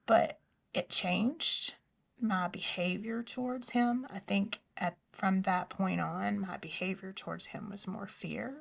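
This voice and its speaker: A woman telling her personal story in an interview, soft-spoken and hesitant, often dropping to a near whisper. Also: medium pitch, fairly even intonation, slow pace, gravelly, recorded from a distance. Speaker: interview guest. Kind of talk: personal testimony in a conversation.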